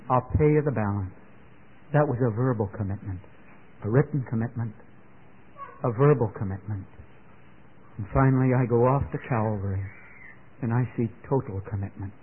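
Older male radio preacher, earnest to fervent, mid-pitched, tinny lo-fi broadcast. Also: a little hiss or hum. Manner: earnest, building to fervent exclamations. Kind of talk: sermon.

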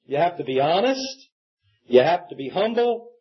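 A man's voice: fairly high pitch, very animated, moderate pace, slightly rough. A man preaching a sermon in an earnest way, acting out quoted pleas for help. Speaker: pastor. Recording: dull lo-fi recording.

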